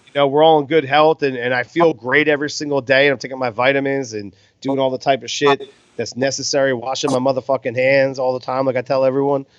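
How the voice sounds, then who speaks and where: A man's voice: medium pitch, flat delivery, quick pace, smooth, dry recording. A man co-hosting a casual boxing podcast, commentating on fights over beers in a laid-back, sweary way. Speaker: podcast co-host. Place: home in Las Vegas. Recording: dull, dry lo-fi sound.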